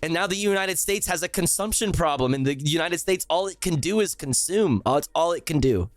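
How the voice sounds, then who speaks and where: A man's voice: a little high, animated, brisk, no echo, soft background music. A male streamer ranting sarcastically and with heavy profanity while reacting live to a news clip.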